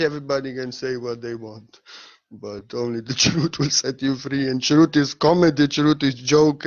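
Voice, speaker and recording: Playful man giving a spiritual talk. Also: mid-range voice. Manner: playful, laughing, swings between loud bursts and soft murmurs. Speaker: spiritual teacher. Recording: slightly dull lo-fi audio.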